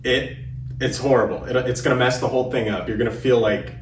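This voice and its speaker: A young man teaching drum rudiments, counting the sticking aloud slowly and encouraging the learner. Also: medium pitch, steady tone, a little hiss or hum. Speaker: drum instructor. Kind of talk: instructional lesson.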